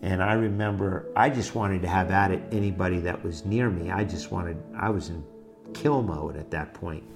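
A middle-aged man with a low, gravelly voice tells a personal story, halting and restarting as the memories hit him. Music plays clearly behind him. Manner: halting, restarts, emotional retelling. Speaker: guest telling his life story. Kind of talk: personal testimony.

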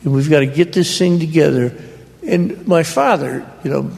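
An older man, telling family stories on stage to a live audience in a slow, drawling way, often laughing as he talks. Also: on the high side, expressive, gravelly, darkish tone. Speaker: author speaking on stage. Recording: long reverb of a hall.

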